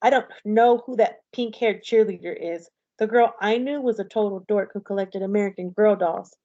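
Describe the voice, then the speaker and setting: A woman's voice: mid-range voice, normal speed, warm tone, close to an everyday voice. A woman reading aloud and voicing an upset, fragile teenage girl who is close to tears, on a slightly dull, lo-fi recording. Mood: defensive.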